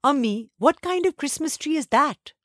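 Lady doing a little girl in a storybook, high and whiny, bouncy up and down. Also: sing-song, brisk, a little mellow, dry recording, studio quality. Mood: eager, tearful. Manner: high and pleading. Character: young girl, upset and eager.

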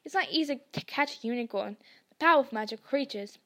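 A woman doing a gruff gamekeeper giant. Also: fairly high pitch, fast, a bit bright. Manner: rough folksy speech. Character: gruff burly male gamekeeper. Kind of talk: audiobook reading.

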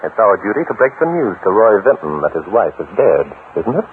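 A man playing a calm, wry amateur detective in a 1940s radio drama, precise and polite in his reasoning. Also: fairly low pitch, brisk. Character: amateur detective, writer who solves crimes. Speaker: detective lead. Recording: tinny 1940s radio broadcast with faint hiss.

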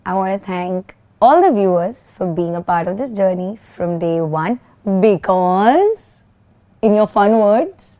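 A woman in her thirties co-hosting a casual podcast with her husband, giving brief, soft-spoken replies. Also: mid-range voice, expressive, unhurried. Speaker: podcast co-host. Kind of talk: casual couple's podcast chat.

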